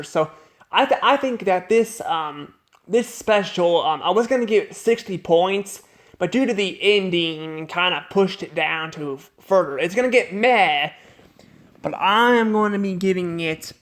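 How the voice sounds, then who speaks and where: Male cartoon reviewer, slightly high voice, unscripted, halting delivery full of restarts. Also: fairly bright tone. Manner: rambling, halting, many restarts and repeated words.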